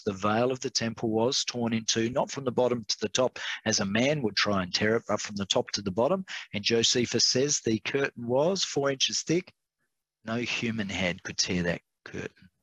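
A man delivers a sermon-style Bible study, reading verses aloud and stretching out key words for weight. His voice sits low with a husky edge. The sound is dry and close, with no room echo. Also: a bit bright. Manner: emphatic, slows on key words; reads scripture aloud from a study guide. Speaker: preacher.

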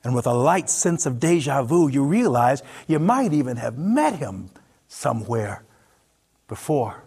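A man narrating a story in the second person, in an expressive, intimate, vivid way. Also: medium pitch, unhurried, husky.

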